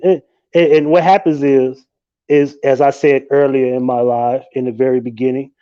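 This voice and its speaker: A man hosting a live stream, talking in a casual, animated and profane way, often breaking into laughter. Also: medium pitch, moderate pace, smooth, highs cut off.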